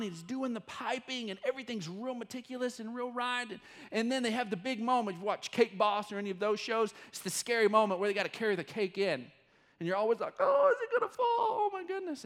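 Male pastor, very high voice, animated sermon, acts out voices. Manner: animated storytelling, acting out quoted voices. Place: church.

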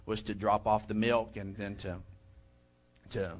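A man's voice: lowish voice, level tone, unhurried. A middle-aged man, preaching a conversational sermon and telling stories. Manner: conversational preaching with storytelling asides. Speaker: pastor.

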